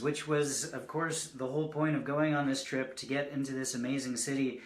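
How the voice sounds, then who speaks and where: A man's voice: medium pitch, steady tone, normal speed, reverberant. A man giving a casual poetry reading, rambling and joking between poems. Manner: rambling, self-deprecating asides between poems. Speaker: poet reading his work. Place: indoors, online reading.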